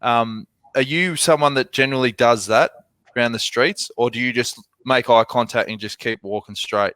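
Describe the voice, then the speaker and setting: A man's voice: medium pitch, normal speed, fairly bright tone, no echo. A young man co-hosting a podcast, chatting casually and acting out little exchanges as he tells stories. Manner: chatty storyteller, acts out exchanges. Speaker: podcast co-host. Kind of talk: casual chat.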